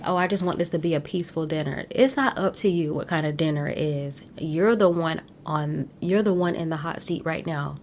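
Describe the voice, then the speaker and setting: A low-pitched woman recaps in a casual, sassy podcast chat. She is blunt and opinionated, with slangy asides and quick laughs. A faint rumble sits under her voice. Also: darkish tone. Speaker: podcast host recapping a reality show.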